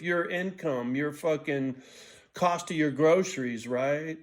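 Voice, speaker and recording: A man's voice: a little high, measured pace. Rambling, profane sixty-year-old man vlogging. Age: 60s. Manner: profane, rambling, jumps between thoughts; restless, frequent restarts and stumbles. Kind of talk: rambling casual monologue.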